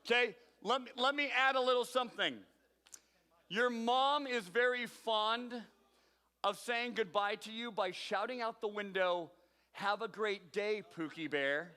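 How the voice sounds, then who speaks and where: A man's voice: very high voice, a little slow, pushed and bright, clear, resonant tone. A man leading a youth group game, calling on teens by name with playful teasing. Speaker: youth pastor. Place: large hall with audience. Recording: long reverb from a large hall.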